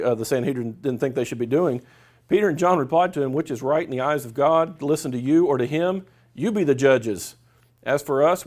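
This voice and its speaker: A man's voice: mid-range voice, a little mellow. A middle-aged man, a professor giving a workshop lecture, talking conversationally with many fillers and restarts and reading quotes aloud.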